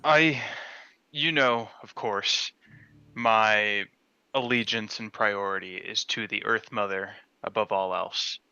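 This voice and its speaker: A man playing his character in a tabletop game, speaking haltingly and hesitantly. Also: on the low side, steady tone, gravelly, bright, forceful tone, smooth, dry recording, highs cut off. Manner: halting, hesitant, with many fillers. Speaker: player. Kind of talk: in-character role-play.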